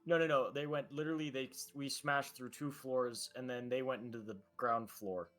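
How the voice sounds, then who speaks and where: A man's voice: medium pitch, fairly even intonation, fairly bright tone, faint music behind, natural voice. A man playing a flustered, awkward teen hero. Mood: earnest. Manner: halting, full of "like" and restarts.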